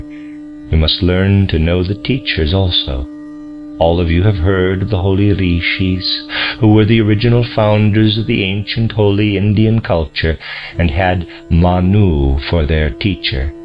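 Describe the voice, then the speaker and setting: Very deep-voiced man reading a lecture. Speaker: audiobook reader. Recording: dull lo-fi recording.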